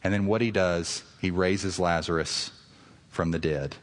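A man's voice: fairly even intonation, a little slow. Man preaching in a reverberant hall. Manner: earnest preaching that swells to emphatic highs. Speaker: pastor. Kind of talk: sermon. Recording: long reverb of a large hall.

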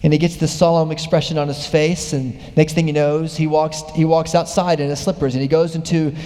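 A man's voice: on the high side, a little fast. A man preaching a sermon, retelling a story with growing animation. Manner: animated storytelling, voice rising with excitement. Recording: long hall reverb.

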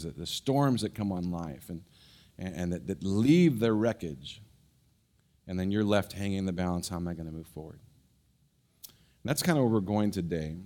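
A middle-aged pastor with a low-pitched voice delivers a sermon. He recounts a personal story animatedly, restarting often and leaning on fillers.

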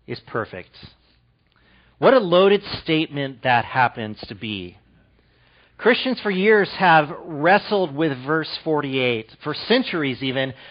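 Guy pastor preaching in church, highish voice, kinda muffled recording. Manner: reads scripture then preaches with rising emphasis. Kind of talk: sermon.

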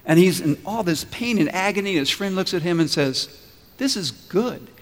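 A man's voice: high voice, a little fast. Preaching man in a reverberant church. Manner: asks the congregation questions and lets them answer. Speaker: pastor. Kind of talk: sermon. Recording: long reverb from a large room.

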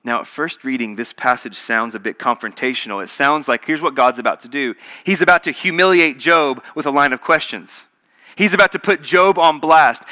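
Bright, emphatic male preacher. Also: medium pitch, normal speed. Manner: emphatic and repetitive, building points with contrasts. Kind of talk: sermon.

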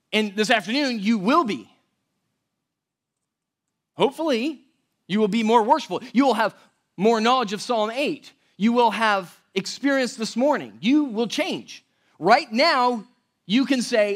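A man preaching a verse-by-verse sermon in a conversational way, with joking asides and big swings between loud and quiet. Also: sits high, expressive, moderate pace. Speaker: pastor.

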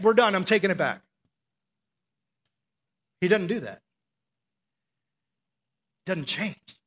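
A young man preaching a sermon in an animated, emphatic, conversational way. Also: fairly high pitch, breathy edge.

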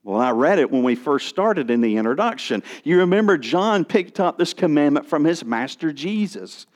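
A man's voice: a little high, moderate pace. A man preaching a sermon as pastor, speaking with strong emphasis and occasional restarts. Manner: expressive preaching with rising and falling emphasis, some restarts.

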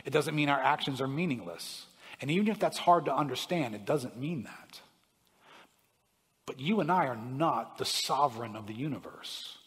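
A man preaching a sermon, reading scripture with emphatic swells and dropping to quiet asides, often checking in with "right?". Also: mid-range voice, animated, normal speed, husky, big-room sound. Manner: preaching with emphatic rising and falling delivery, frequent "right?". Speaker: pastor.

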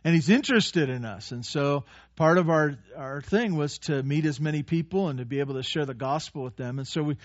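Male pastor, slightly high voice, storytelling sermon, dry lo-fi recording. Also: brisk, hardly any pauses, no room sound. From United States. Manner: storytelling, animated when quoting. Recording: dull lo-fi dry sound.

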